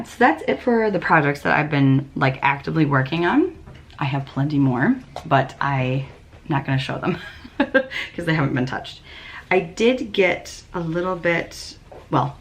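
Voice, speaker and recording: A young woman hosting a knitting podcast, chatting casually with many ums and little laughs. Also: low voice. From United States. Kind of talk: casual chat.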